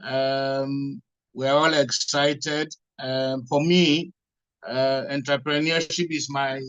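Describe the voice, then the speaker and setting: A man's voice: mid-range voice, fairly even intonation, takes it slowly, fairly bright tone, smooth, no room sound, low-quality recording. A man moderating an online webinar, upbeat and using many fillers. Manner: upbeat, filler-heavy speech.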